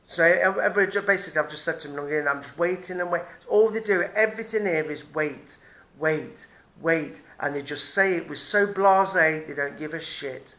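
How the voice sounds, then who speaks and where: A man's voice: a little high, brisk, bright, forceful tone. A middle-aged man, ranting angrily and swearing in a personal vlog, repeating himself as he goes. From Britain. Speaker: vlogger. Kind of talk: angry personal rant.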